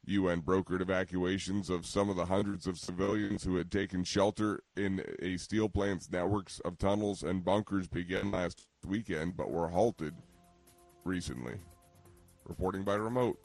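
A man reading a radio news bulletin as the anchor, in a measured, even delivery. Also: deep voice, no echo, soft background music.

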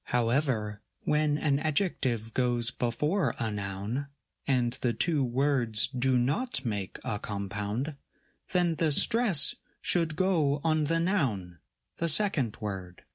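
A man narrating a scripted grammar lesson in a measured, explanatory way. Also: mid-range voice, animated, dry recording. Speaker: grammar teacher.

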